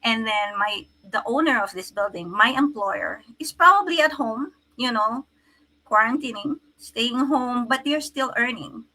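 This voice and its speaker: Bright-voiced woman telling her story earnestly. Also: on the high side, lively intonation, measured pace, rough recording. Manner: earnest, emotional storytelling with many restarts. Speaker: guest, physical therapist. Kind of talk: conversational interview.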